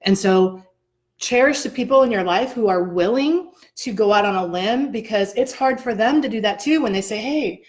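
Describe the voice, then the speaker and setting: A woman's voice: mid-range voice, moderate pace. Earnest woman giving motivational talk. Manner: earnest, encouraging, acts out quoted voices. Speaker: co-host, coach. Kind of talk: casual motivational chat.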